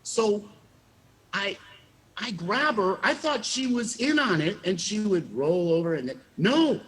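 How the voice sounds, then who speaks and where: A man, a former child actor, telling animated stories in a casual interview and acting out the quotes. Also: sits high, measured pace, slightly rough. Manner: animated storyteller, acts out quotes with laughs.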